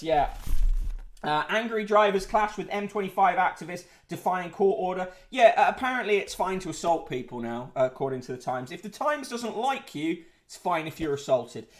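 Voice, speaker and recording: A British man hosts a casual livestream in a high, lively voice at normal speed. He reads newspaper headlines and chat comments aloud, adding sardonic remarks, swearing, and plenty of fillers.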